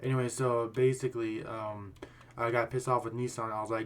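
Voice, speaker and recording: A man's voice: mid-range voice, level tone, brisk, a little hiss or hum. Rambling heated young man telling drama. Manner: rambling, restarts often, swears, heated. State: voice getting worn out. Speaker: YouTube commentary host. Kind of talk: casual storytime commentary.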